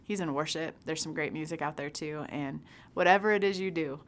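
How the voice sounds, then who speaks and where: A woman's voice: low-pitched, a little fast. A woman giving a casual devotional talk, telling stories animatedly and acting out her own past reactions. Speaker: youth ministry speaker.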